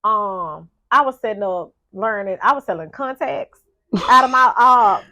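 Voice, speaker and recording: Woman guest, lively storyteller. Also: medium pitch, measured pace, dry recording, dull audio. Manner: frequent affirming murmurs, animated storytelling. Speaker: podcast guest. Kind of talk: casual chat.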